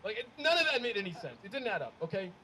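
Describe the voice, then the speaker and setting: A young man performs stand-up at a live comedy show. His voice sits high and swings widely in pitch as he tells his stories, often laughing at his own punchlines. The recording carries a clear layer of noise from the venue. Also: racing, rough recording. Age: young adult. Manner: animated storytelling, laughing at his own jokes.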